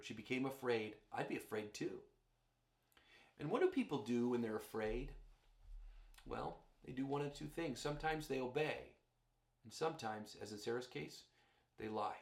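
A man's voice: medium pitch, unhurried, creaky, long pauses, roomy sound. A male pastor preaching a sermon, storytelling and addressing the congregation directly.

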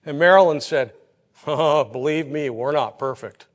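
A man preaching a sermon, telling everyday stories and swinging from soft, quiet passages to loud, emphatic peaks. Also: a little high, moderate pace. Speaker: pastor. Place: church. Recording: long hall reverb.

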